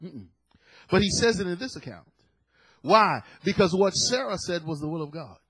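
A man's voice: high-pitched, lively intonation, moderate pace, fairly bright tone, breathy edge, dry recording, low-quality recording. A male pastor preaching a sermon emphatically, often chuckling and putting questions to the congregation.

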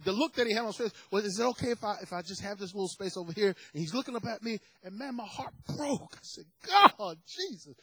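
Male preacher, high husky voice, builds to impassioned shouting. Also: lively intonation, fast, few pauses, no room sound, low-quality recording. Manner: rises to shouted, fervent preaching. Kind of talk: sermon.

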